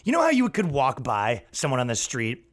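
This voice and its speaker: A man hosting a podcast, ranting in a crude, sarcastic way and mocking others, swinging between loud outbursts and low asides. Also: wildly swooping pitch, brisk. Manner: profane, sarcastic, mocking, with put-on voices for others. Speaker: podcast host and stand-up comedian. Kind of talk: casual ranting monologue.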